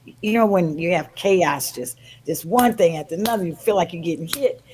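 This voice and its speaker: A woman's voice: on the low side, a little fast, slight background noise, poor audio. An older woman guest on a podcast, telling a personal story with feeling and acting out the voices in it. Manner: animated, acts out quoted voices.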